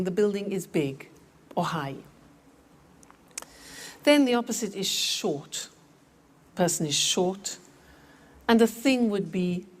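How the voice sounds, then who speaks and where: A woman teaching English vocabulary, repeating words slowly and clearly for learners. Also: mid-range voice, darkish tone. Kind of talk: slow, clear language lesson.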